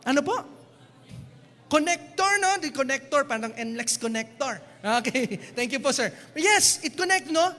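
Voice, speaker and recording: A man's voice: very high voice, animated, normal speed, bright, forceful tone. A man with a Filipino accent leading a church music workshop, mixing Tagalog and English and singing hymn lines to show how it is done. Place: church hall. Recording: echoey church hall with music.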